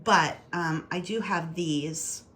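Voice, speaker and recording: A woman's voice: lowish voice, slow pace, a bit bright, slight background noise. A woman chatting casually through a home vlog while she cooks in her kitchen. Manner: chatty, talks through chores and to her dogs. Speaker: vlogger.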